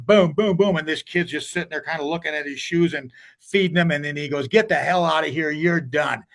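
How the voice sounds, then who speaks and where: A man's voice: on the high side, a bit bright. An older man, a hockey coach telling rambling stories in a casual interview, with many restarts.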